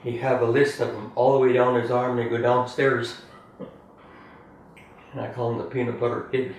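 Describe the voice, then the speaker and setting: An older man, a family storyteller, reminisces casually at a moderate pace, his medium-pitched voice barely moving in pitch. He rambles and chuckles, often ending phrases with "eh?". The mic is distant in a roomy space with faint room noise.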